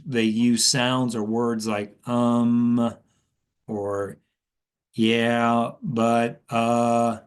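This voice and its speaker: Male sales coach, mid-pitched voice, easygoing and chatty delivery that rises with energy on key points, loose spoken advice with ums. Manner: conversational with fillers and restarts, animated inflection. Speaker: sales trainer. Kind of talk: casual coaching talk.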